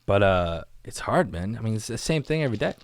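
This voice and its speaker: A laid-back man rambles through a casual solo podcast, leaning on dude and man at every turn. His voice sits fairly low but swings around a lot in pitch. He talks into a studio microphone in a small room, and the sound is close and dry. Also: sing-song, fast talker, no room sound. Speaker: podcast host. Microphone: studio microphone on camera.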